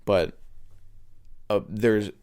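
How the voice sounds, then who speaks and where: A man's voice: on the low side, steady tone, very slow, a little mellow, clear, resonant tone. A man co-hosting a podcast, talking in a casual, rambling way with lots of fillers and restarts. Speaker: podcast co-host. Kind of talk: casual chat.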